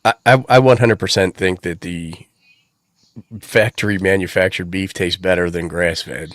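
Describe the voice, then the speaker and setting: A man's voice: sits low, fairly even intonation, normal speed, no room sound, studio quality. A man with a cold co-hosting a casual live-stream chat, rambling with frequent restarts. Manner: rambling, hesitant, many restarts. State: has a cold. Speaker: co-host.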